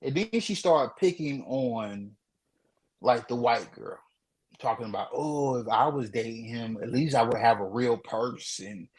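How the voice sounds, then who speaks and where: A man co-hosting a podcast, telling a dating story in relaxed, rambling casual chat. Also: mid-range voice, unhurried, poor audio. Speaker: podcast co-host.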